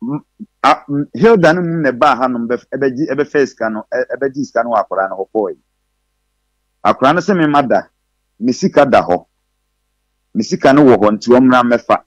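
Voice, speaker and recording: A Ghanaian man speaks in a middle pitch on a dry, close-miked radio line. He tells his complaint haltingly, breaking off and restarting his sentences. The studio sound is plain and dead. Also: lively intonation, no echo. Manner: halting, restarts while recounting. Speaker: complainant guest.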